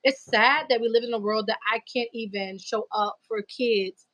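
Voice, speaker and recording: A woman hosting a live stream, chatting casually and telling animated stories full of slang and acted-out quotes. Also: on the high side, normal speed, dry recording, rough recording. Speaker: livestream host. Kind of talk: casual chat.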